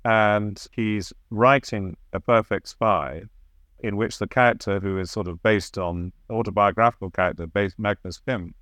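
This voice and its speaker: A man's voice: on the low side, normal speed, fairly bright tone, no room sound. A man being interviewed as the author of a biography, answering reflectively and sometimes searching for the right word.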